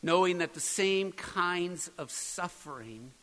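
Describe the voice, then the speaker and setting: A man's voice: high voice, lively intonation, slow, a bit bright, long reverb tail, poor audio. A man preaching a sermon, earnest and building to emphatic peaks. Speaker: pastor.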